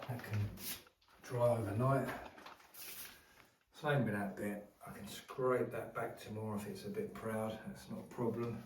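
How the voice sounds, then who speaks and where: A man's voice: lowish voice, roomy sound. A man, a plasterer talking casually to camera and muttering to himself as he works. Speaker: plasterer and decorator. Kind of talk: casual working vlog chat. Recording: loud noisy outdoor ambience, traffic.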